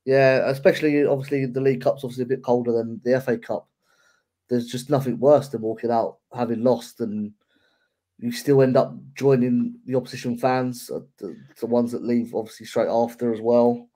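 A young man co-hosting a football podcast in casual chat, talking in a measured, reflective way. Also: medium pitch, fairly even intonation, mellow. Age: young adult. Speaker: podcast co-host.

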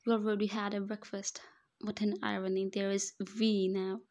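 A woman's voice: medium pitch, level tone, moderate pace, darkish tone. A woman narrating a first-person romance story, dramatic, at times dropping to a whisper. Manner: dramatic, breathy whispered asides. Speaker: fan fiction reader.

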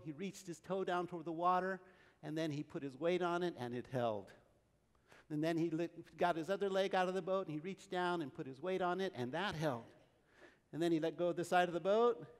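Animated high-voiced male pastor. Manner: animated storytelling, acting out the scene. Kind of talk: sermon. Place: large church hall. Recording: long church reverb.

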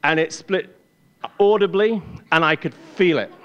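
An English man telling a wry, self-deprecating personal story on stage before a live audience, with halting restarts. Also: a little high, a bit bright, dull audio. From England.

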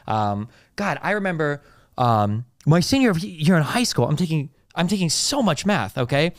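A man who is a podcast guest, telling stories from his old jobs in a fast, ranting way with a lot of swearing. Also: mid-range voice, no room sound, clean studio sound. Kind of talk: casual storytelling, profane and emphatic.

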